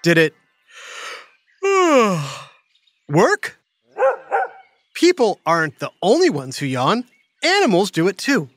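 A playful children's science host who quizzes the listener and teases between facts, sighing and yawning along with the topic. The voice swings widely in pitch, sitting mid-range, recorded dry and close with a faint music bed underneath. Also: measured pace, pauses often, dry recording. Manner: animated, teasing quiz-style delivery with yawns and sighs. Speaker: host of a kids' science show. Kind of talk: playful scripted narration for children.

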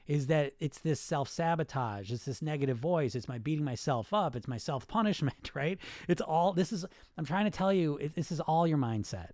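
A man's voice: fairly high pitch, darkish tone, no echo, studio quality. A middle-aged man coaching on weight loss in a casual, blunt, rambling way, with restarts and swearing. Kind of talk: casual coaching talk answering listener questions.

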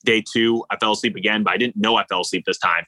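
A man, an endurance athlete, telling stories in a casual interview, animated and rambling with lots of fillers. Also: lowish voice, fast, dry recording, rough recording. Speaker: ultra-endurance athlete guest.

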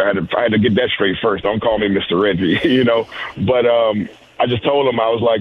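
A man's voice: on the low side, steady tone, fast talker. A man who coaches receivers answers an interview in an easygoing, rambling way. He keeps circling back with "you know" and repeated words. His voice comes through a narrow, phone-like line with faint background hiss. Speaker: wide receivers coach, guest.

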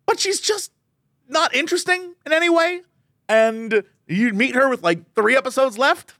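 A man co-hosting a casual podcast, ranting in an animated way and jumping into quoted voices. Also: extremely high pitch, normal speed, no echo, studio quality. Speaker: podcast co-host.

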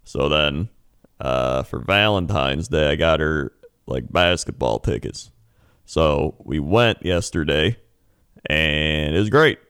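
A man's voice: a bass voice, animated, slow pace, a bit bright, clean tone, dry recording, clean studio sound. A man co-hosting a podcast, chatting in an easygoing way with frequent hesitations and fillers. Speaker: podcast co-host. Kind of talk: casual chat.

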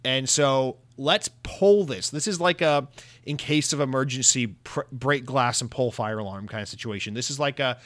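A young man giving a sarcastic, profane rant as a gaming commentator, mocking companies with quick impressions. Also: mid-range voice, a bit bright, no echo. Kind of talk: ranting video commentary.

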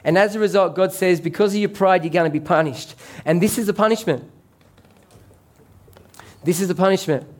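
A man's voice: high voice, a little fast, pauses often. A man preaching a sermon as pastor, conversational and joking with the congregation.

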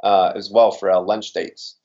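A man's voice: low voice, little pitch movement, a little slow, creaky, darkish tone, dull audio. A man with a slightly Americanized Australian accent, speaking earnestly and with animation as an interview guest. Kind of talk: interview conversation.

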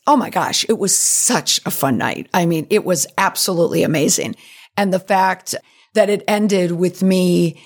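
A middle-aged woman hosting a podcast, telling stories in a chatty, digressive way, her voice slightly creaky. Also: medium pitch. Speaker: podcast host and PR professional. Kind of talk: casual monologue.

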